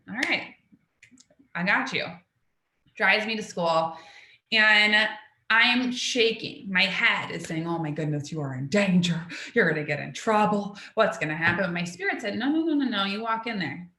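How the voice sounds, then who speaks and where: A young woman gives a storytelling talk, her voice bright and forward. She acts out the people in her story as she goes. The room adds a noticeable echo around her. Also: on the low side. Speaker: speaker at a talk, intuitive. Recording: echoey room.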